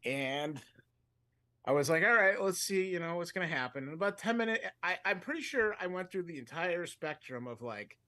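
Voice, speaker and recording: A man with a fairly high voice spins a long, loose story on a comedy podcast. He rambles, cuts himself off and chuckles through his own sentences. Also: moderate pace. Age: adult, with a fiance. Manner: rambling, animated, self-interrupting, laughs mid-sentence. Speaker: podcast co-host.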